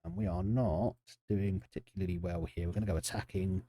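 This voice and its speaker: A man's voice: low-pitched, steady tone, brisk, dark tone, no echo, studio quality. A man, chatting casually and joking with viewers while streaming a football management game. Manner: chatty, jokey, reacts to chat and the match. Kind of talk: casual live-stream commentary.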